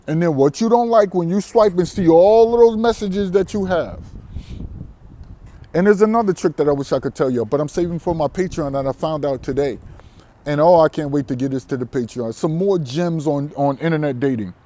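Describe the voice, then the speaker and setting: Brash, boastful man with a mellow voice. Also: fairly high pitch, normal speed. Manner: boastful, defiant, profane, laughs often. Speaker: vlogger on dating abroad. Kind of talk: brash monologue to camera.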